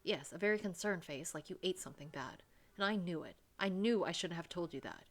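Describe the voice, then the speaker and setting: A woman's voice: on the low side, fairly quick, faint music behind, pitched below the performer's own voice, natural voice. Woman playing a French young man, exasperated, scolds under his breath; French accent; game read-through.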